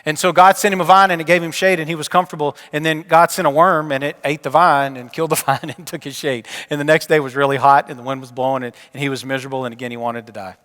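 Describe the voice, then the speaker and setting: A male pastor preaching a sermon and telling a story, his delivery dropping from emphatic to hushed. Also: mid-range voice, fairly even intonation, quick pace, few pauses. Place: church sanctuary. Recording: long church reverb.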